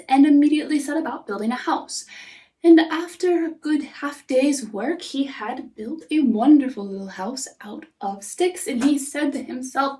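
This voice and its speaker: A woman narrating a fairy tale softly, often dropping into a whisper. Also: high voice, recorded from a distance. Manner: soft, often whispering, unhurried. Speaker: storyteller. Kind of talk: storybook narration.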